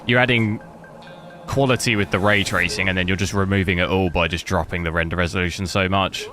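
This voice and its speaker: A man's voice: sits low, steady tone, a little fast, pushed and bright, faint music behind. A man streaming a game, chatting casually and rambling through his commentary, with noisy stream audio. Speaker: gaming streamer.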